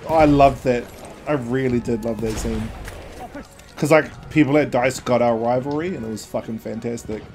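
A man chatting with friends while playing an online shooter. He shouts and swears when things go wrong. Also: mid-range voice, normal speed, soft background music. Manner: excitable, swears loudly, shouts when killed. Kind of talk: casual gaming chat.

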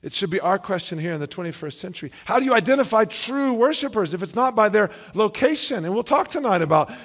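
A man's voice: high voice, animated, quick pace, fairly bright tone. A man preaching a sermon as pastor, emphatic, asking rhetorical questions and repeating words as he builds his points. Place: church sanctuary. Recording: long church-hall reverb.

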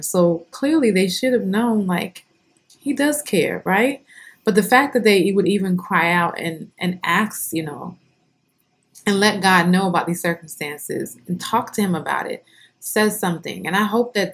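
A woman hosting a short devotional, reading scripture and reflecting on it in an earnest, unhurried way with frequent pauses and restarts. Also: on the low side. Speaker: devotional host.

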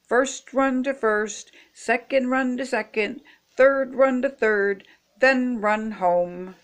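A woman doing a cheerful young boy frog from a storybook, chanting his lines in a gleeful sing-song. The voice is slow and unhurried, with a lifted, playful tone. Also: a little high, voice pushed up.

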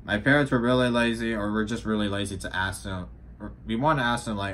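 A man's voice: lowish voice, steady tone, fast, a bit bright, slight background noise. A teenage boy vlogging casually about upcoming films, rambling with frequent restarts. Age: teens. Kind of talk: casual vlog commentary.

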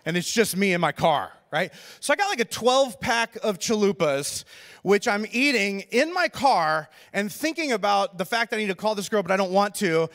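A man preaching a sermon as a pastor, telling a funny self-deprecating story in a loose, chatty way and talking straight to the crowd. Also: sits high. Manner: animated, self-deprecating, conversational, addresses crowd directly. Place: church auditorium. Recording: reverberant hall sound.

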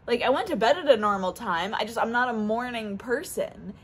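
A woman's voice: a little high, animated, fairly quick, fairly bright tone, slightly rough. A young woman talking casually to her camera at home, rambling with lots of fillers. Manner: chatty, rambling, many fillers. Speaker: vlogger. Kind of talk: casual vlog chat. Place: home, on the stairs.

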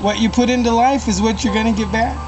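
A man's voice: very high-pitched, fast talker, over music, low-quality recording. A man in his forties from Fresno, California, speaking to camera in a heartfelt video monologue. He is a little emotional and rambles earnestly, with many ums and restarts. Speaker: vlogger father.

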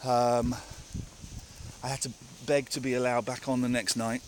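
A man's voice: medium pitch, moderate pace, background noise. A man live-streaming from a countryside walk, talking candidly to viewers and sometimes out of breath from the climb. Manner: candid, emphatic, repeats phrases for effect. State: out of breath from walking uphill. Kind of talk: casual live-stream chat, answering viewers. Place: outdoors on a rural hill walk.

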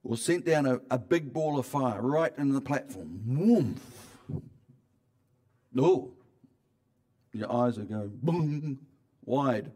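A pastor delivers a sermon in church in a slow, mid-range voice. He talks conversationally, frequently restarting his sentences and swinging between loud emphasis and quiet asides.

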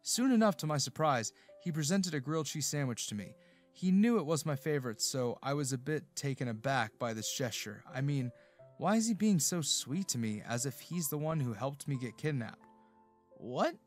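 Male narrator, mid-pitch, emotional first-person storytelling over faint music. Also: lively intonation, moderate pace.

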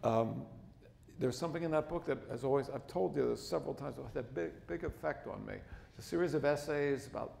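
A man from Philadelphia with a slight Philadelphia accent, hosting an on-stage interview before a live audience, halting and repeating words as he starts his sentences. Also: mid-range voice, gravelly, darkish tone, slight background noise. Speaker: interviewer host.

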